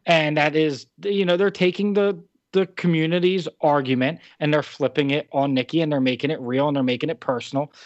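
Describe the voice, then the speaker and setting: A man's voice: fairly high pitch, fairly even intonation, a little fast, dry recording. A young man from New Jersey co-hosting a casual chat, opinionated and ranting. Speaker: podcast co-host. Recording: dull, dry lo-fi recording.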